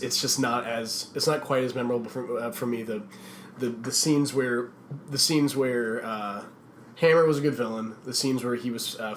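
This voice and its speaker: A man's voice: mid-range voice, slight background noise. A man co-hosting a podcast in casual chat, rambling and searching for his words. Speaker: podcast co-host. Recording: roomy echoey recording.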